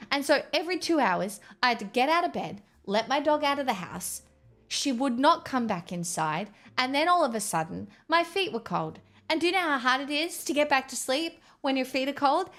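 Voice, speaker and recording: A woman's voice: a little high, a bit bright. A young woman chatting casually on a live stream, rambling and swearing with exasperated asides. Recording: faint music behind.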